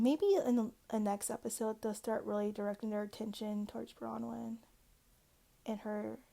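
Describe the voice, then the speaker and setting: Chatting casually about a reality show, a woman peppers her recap with "like" and "um." Her voice is a little high with a darkish tone and frequently slips into gravelly vocal fry.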